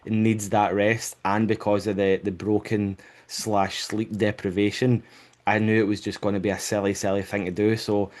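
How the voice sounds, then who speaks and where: A man's voice: lowish voice, little pitch movement, moderate pace, a little mellow. A man hosting a podcast, chatting casually and enthusiastically, swearing now and then, recorded over a remote call. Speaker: podcast host.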